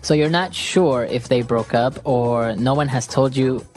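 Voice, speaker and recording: A woman's voice: very deep voice, steady tone, measured pace, darkish tone, soft background music. A woman co-hosting an English-learning podcast, explaining vocabulary in casual chat and laughing easily. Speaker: English teacher podcast host.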